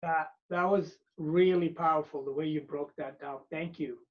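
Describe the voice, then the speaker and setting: A man's voice: fairly high pitch, steady tone, moderate pace. A man who grew up in Sweden, explaining points on a virtual panel over a video call and often checking in with "right?". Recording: muffled video call audio.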